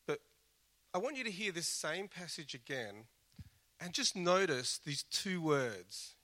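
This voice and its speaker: A man's voice: on the high side, big pitch swings, measured pace, bright, forceful tone. A man preaching a sermon in an earnest, conversational way, often restarting his phrases and slipping in wry self-deprecating asides. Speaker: pastor.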